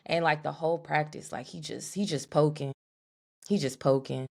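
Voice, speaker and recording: A young woman co-hosting a podcast, telling an animated, profane story in a casual chat. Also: low voice, moderate pace, vocal fry. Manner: animated, profane, talks to her co-host as "girl". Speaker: podcast co-host.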